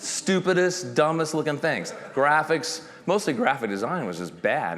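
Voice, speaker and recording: A man, a company founder, telling his story at a summit in an animated, joking way, acting out quotes and laughing often. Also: medium pitch, long reverb tail. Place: conference stage with long reverb.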